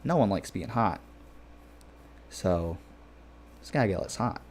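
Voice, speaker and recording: A man's voice: fairly low pitch, expressive, measured pace, darkish tone, a little hiss or hum. A man streaming a game and chatting casually with viewers, rambling and playful with lots of filler phrases. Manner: jokey and playful. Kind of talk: casual live-stream chat.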